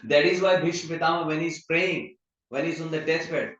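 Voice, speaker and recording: A man's voice: fairly high pitch, fairly even intonation, normal speed, fairly bright tone. A man giving a conversational scripture class, telling stories and mixing Sanskrit terms into plain talk. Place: temple hall. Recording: echoey hall, muffled sound.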